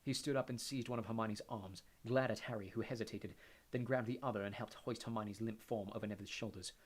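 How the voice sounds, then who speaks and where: A man narrating an audiobook in a steady storytelling manner. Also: fairly low pitch, fast. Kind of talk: audiobook reading.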